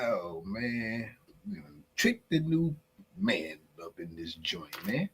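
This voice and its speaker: A man's voice: lowish voice, very animated, takes it slowly, a bit bright, a little hiss or hum, poor audio. A man hosting a morning podcast in casual banter, laughing often as he reacts to his chat. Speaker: podcast host. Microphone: podcast mic.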